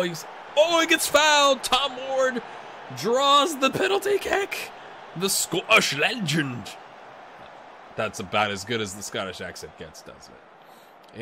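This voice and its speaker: A man doing a tired but excitable, jokey play-by-play while he plays a game on video, with asides to his viewers. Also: fairly low pitch, a little hiss or hum. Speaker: gaming YouTuber. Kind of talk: let's play commentary.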